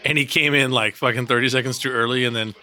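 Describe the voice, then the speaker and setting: A man's voice: mid-range voice, fairly even intonation, fast, sharp tone, faint music behind. A man co-hosting a podcast, chatty and profane, reflecting casually. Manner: chatty, profane, laughing asides. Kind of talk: casual chat.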